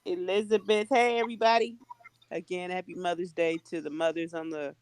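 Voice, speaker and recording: A man from California co-hosting a live stream in casual chat, his voice tired and sluggish from eating, telling stories in an animated way. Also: high-pitched, fairly quick, slight background noise. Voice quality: tired-sounding voice. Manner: animated storytelling, laughs often.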